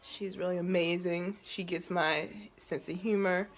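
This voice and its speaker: A woman from the Baltimore area talking to camera in a personal vlog, halting and emotional, moving between laughter and tears. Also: fairly low pitch, fairly even intonation, slight background noise. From Baltimore area, USA. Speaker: vlogger.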